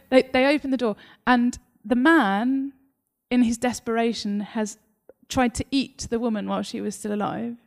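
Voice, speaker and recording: Animated English woman with gravelly edge. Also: a little high, moderate pace. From England. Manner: animated, laughing storyteller. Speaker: author guest. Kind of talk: interview conversation. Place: library talk.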